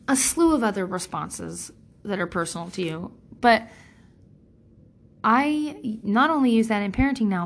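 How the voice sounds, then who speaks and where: Give me a frank middle-aged woman rambling through a parenting story, profane and candid, with a middle-pitched voice. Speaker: parent sharing advice. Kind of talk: candid casual monologue.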